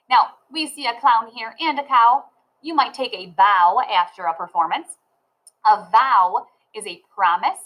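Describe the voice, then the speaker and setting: A woman teaching a phonics lesson to children, sounding out letters and words slowly and clearly. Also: on the high side, animated, a bit bright, low-quality recording.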